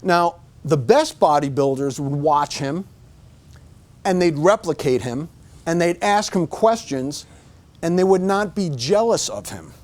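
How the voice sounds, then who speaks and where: A man's voice: on the high side, expressive, unhurried, a little mellow. A middle-aged man giving a motivational talk to staff, emphatic and punching his points with repeated "okay?". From United States. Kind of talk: motivational speech. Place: room with a staff audience.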